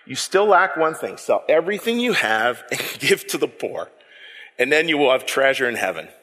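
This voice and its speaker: Soft calm teacher leaning in close, as a preacher acts him out, echoey hall. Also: male voice, medium pitch, normal speed, pitched below the performer's own voice. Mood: gentle.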